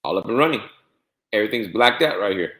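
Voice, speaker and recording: A man giving a step-by-step screen-share tutorial on trading software, repeating instructions and spelling out letters. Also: on the low side, expressive, fast. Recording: echoey room.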